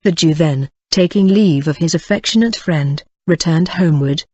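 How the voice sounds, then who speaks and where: An audiobook reader narrates a classic novel in a steady, even way, at a middle pitch. The recording is dull and lo-fi. The room sound is dry, with no echo. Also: normal speed. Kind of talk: storybook narration.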